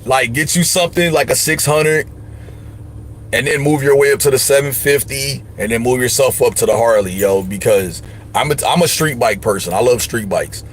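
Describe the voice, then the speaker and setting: A man talking casually on a livestream, leaning hard on his points with lots of slang. He hands out advice in a loose, emphatic way, his voice at an ordinary middle pitch. A faint noise sits underneath. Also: moderate pace. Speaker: livestream host.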